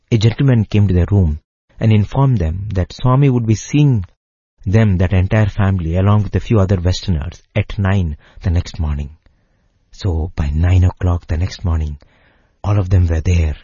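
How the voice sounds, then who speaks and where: Deep-voiced man telling a devotional story. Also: mellow, breathy edge, no room sound, lo-fi sound. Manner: measured, phrase by phrase with pauses.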